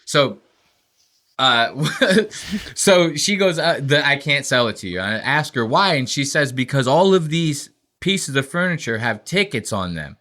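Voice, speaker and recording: A man's voice: medium pitch, expressive, a little slow, sharp tone. A man hosting a podcast, telling a profane, ranting story and acting out what people said. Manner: profane, ranting, acts out quotes in voices. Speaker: podcast host. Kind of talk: casual podcast rant.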